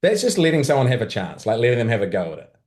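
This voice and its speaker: A man hosting a podcast, explaining things plainly in a relaxed casual chat. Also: mid-range voice, very fast. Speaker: podcast host.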